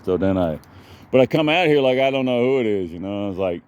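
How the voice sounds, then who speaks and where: A man's voice: medium pitch, lively intonation, a little fast, a little mellow, clean tone. A man rambling through a profane, digressive story in a casual vlog, recorded outdoors in his backyard.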